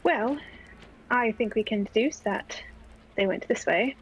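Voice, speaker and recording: A woman's voice: on the high side, measured pace, slight background noise, poor audio. A woman playing in a tabletop game, chatting casually and explaining things at length. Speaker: player.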